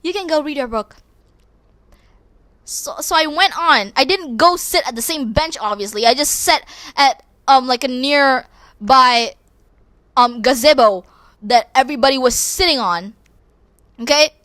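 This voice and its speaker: A woman hosting a podcast, rambling through a casual, expressive, self-deprecating monologue. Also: sits high, measured pace. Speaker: podcast host.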